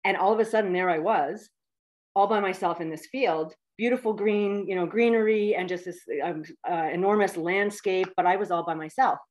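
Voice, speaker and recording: Woman in her fifties, interview guest, heartfelt storytelling, lots of fillers, mid pitch. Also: moderate pace. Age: 50s. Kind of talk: personal storytelling in conversation.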